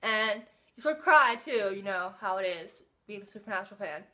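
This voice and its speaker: A young woman vlogger chatting casually and excitably to her viewers, gushing about her favourite shows. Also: medium pitch, brisk. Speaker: book and TV vlogger. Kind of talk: casual vlog chat.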